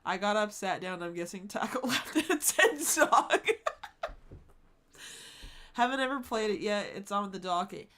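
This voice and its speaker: A woman's voice: medium pitch, animated, measured pace, pauses often, a bit bright. A woman streaming live, chatting casually with her viewers, swearing freely and laughing often.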